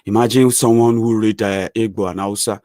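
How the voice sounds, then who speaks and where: A Nigerian man with a Yoruba accent, hosting a casual commentary vlog in an animated, chatty way. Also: fairly low pitch, a little fast, no echo, studio quality. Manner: animated, chatty, many fillers, lively rising swings. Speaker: channel host.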